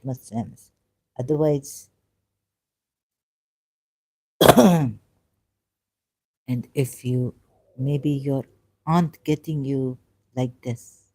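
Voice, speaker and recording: An ex-Muslim commentator, a woman with a low, mellow voice, reads scripture in casual commentary. She sounds emotional and halting, searching aloud with fillers.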